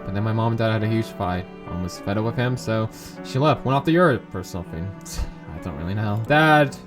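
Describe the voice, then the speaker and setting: A man voicing an upset teenage girl who speaks haltingly, with restarts and sighs, in a visual novel reading. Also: fairly low pitch, lively intonation, music in the background, close to an everyday voice. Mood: sad. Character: upset teenage girl, sharp-tongued but hurting.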